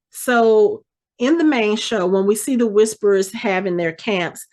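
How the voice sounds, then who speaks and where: A woman hosting a podcast, animatedly retelling a TV episode and acting out the characters' lines. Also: mid-range voice. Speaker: podcast host. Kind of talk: casual episode recap.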